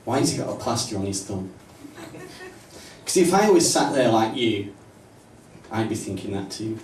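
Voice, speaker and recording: A man with a Northern English accent doing a stand-up comedy set in a small pub club, with punchy, deadpan delivery. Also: on the low side, normal speed, a little hiss or hum. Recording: roomy, distant live mic, faint ambience.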